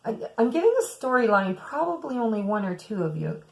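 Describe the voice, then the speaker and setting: A woman's voice: medium pitch, big pitch swings, fairly quick, vocal fry, a little mellow, low-quality recording. A woman giving a weekly tarot reading, musing aloud and speaking to her viewers as "some of you.". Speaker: tarot reader.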